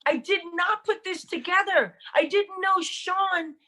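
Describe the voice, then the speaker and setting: An actress and director is a guest on a podcast, telling set stories in a casual interview. She's animated, laughing and swearing as she acts out what people said, in a very high-pitched voice at a measured pace.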